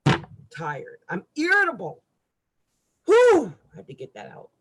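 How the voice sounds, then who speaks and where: A middle-aged woman astrologer ranting irritably on a live stream, with loud outbursts and quiet asides. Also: fairly high pitch, wildly swooping pitch, measured pace, noisy background.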